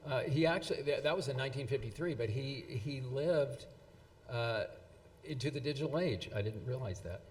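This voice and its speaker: A man's voice: medium pitch, expressive, normal speed. A man giving a speech at an anniversary event, reading quotes with frequent fillers and restarts. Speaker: event presenter. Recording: long hall reverb.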